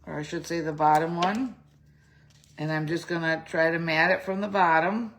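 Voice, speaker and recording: A woman's voice: sits low, steady tone, moderate pace, a bit bright, a little hiss or hum. A middle-aged woman talking through a craft project step by step, chatty, thinking aloud and correcting herself, with a slightly phlegmy throat. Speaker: craft demonstrator. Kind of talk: casual step-by-step craft tutorial.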